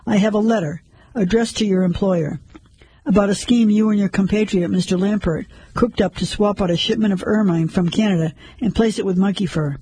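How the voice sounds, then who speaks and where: A man's voice: sits high, fairly even intonation, brisk, dark tone, husky, no echo, poor audio. A man reading the lines of a resolute landlady who commands her household in a story. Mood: firm. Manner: firm, commanding. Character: firm, resolute middle-aged woman landlady.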